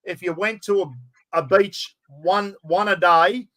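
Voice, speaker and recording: A man's voice: sits high, fairly even intonation, takes it slowly, fairly bright tone. An Australian man hosting a podcast, talking in a laid-back, casual way and swearing now and then. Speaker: podcast host. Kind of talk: casual chat.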